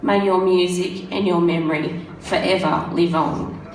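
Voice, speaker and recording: A woman with a croaky, hoarse voice, reading out a prepared tribute in a steady, measured way. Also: lowish voice, very noisy. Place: function room. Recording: roomy sound from a distant mic.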